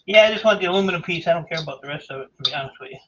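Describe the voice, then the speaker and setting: A man streaming himself taking apart e-waste, chatting in a rambling, offhand, self-mocking way, hoarse from talking for hours. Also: a little high, animated, rapid-fire, dull audio, very noisy. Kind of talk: casual livestream chat.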